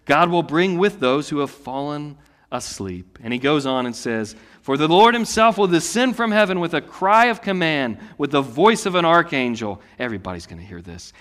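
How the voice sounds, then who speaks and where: A man in his late thirties, a pastor preaching a sermon in a conversational way that swings between loud declarations and hushed asides. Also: fairly high pitch, animated, moderate pace. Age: late 30s. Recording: long hall reverb.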